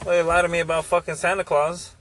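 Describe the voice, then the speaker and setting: A man's voice: fairly high pitch, level tone, fast, fairly bright tone. A man in casual chat, chiming in with short, profane remarks. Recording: faint background noise.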